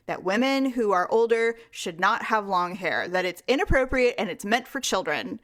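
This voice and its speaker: A woman's voice: mid-range voice, normal speed, few pauses. A middle-aged woman co-hosting a podcast, telling a family story in casual chat and acting out the voices she quotes. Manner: animated storytelling, acts out quoted voices, laughs often. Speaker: podcast co-host.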